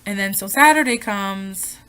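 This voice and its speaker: A young woman tells a personal story to her camera in a casual vlog. She is animated and swears freely, and her voice is bright and sharp. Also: mid-range voice, unhurried, clear, resonant tone. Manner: animated, profane retelling. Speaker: vlogger.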